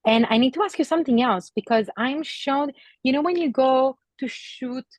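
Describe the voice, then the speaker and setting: A woman giving a psychic reading to an audience member, speaking gently and hesitantly with many pauses and fillers, and getting emotional. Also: high-pitched, no echo. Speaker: psychic medium.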